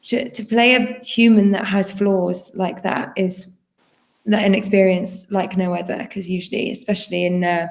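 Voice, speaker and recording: A woman's voice: mid-range voice, little pitch movement, moderate pace, creaky. A woman guest chatting eagerly over a laptop video call, telling a long story and acting out other people's lines. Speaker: guest performer. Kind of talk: casual interview chat.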